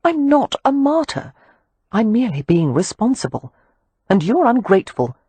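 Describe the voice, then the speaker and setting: A woman's voice: a little high, sing-song, moderate pace, warm tone, slightly rough, no room sound, pitched above the performer's own voice. A woman playing a firm, protective eldest sister. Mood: indignant. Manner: firm and take-charge. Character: responsible eldest sister, brisk, protective and proud.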